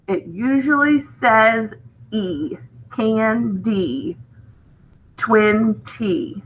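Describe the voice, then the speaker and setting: Slow, bright-voiced woman teaching phonics. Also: on the high side, low-quality recording. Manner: patient, repeats "okay?" to check understanding; sounds out letters and words slowly and clearly. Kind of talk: phonics lesson for children.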